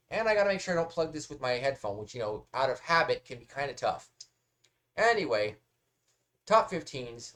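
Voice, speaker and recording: A man hosting a reaction video, talking casually in a rambling, talkative way and swearing often. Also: medium pitch.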